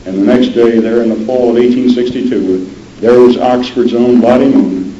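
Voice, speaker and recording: A man telling a dramatic historical story in a measured way, often dropping low and soft for emphasis. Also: steady tone. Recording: roomy, dull lo-fi sound with faint noise.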